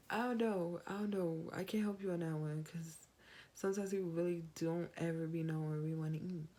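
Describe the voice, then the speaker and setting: A young woman, chatting casually to camera in an advice vlog and acting out quoted lines in a higher voice. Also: normal speed. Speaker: vlogger.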